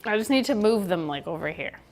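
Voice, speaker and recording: A woman's voice: medium pitch, animated, quick pace, soft background music. A woman hosting a casual cooking livestream, chatty and giggly, swearing offhandedly as she chops vegetables. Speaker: livestream host.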